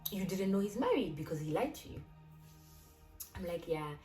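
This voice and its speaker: A woman's voice: fairly low pitch, moderate pace. A young South African woman casually retelling a personal story, acting out the lines of the people in it. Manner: animated retelling, acting out quoted dialogue. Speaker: YouTuber. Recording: echoey room, distant mic, background music.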